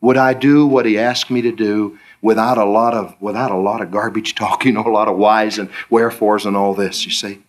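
A man's voice: steady tone, fairly quick, hardly any pauses. A middle-aged man preaching a sermon, telling stories and acting out his own back-and-forth questions with the Lord. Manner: storytelling, acts out dialogues with the Lord, pitch swooping high on questions.

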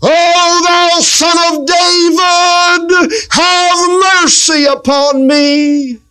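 A man preaching a sermon, voicing a blind male beggar who cries out in a drawn-out, wailing plea. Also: extremely high pitch, level tone, sharp tone, pitched above the performer's own voice, full character voice. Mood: desperate pleading.

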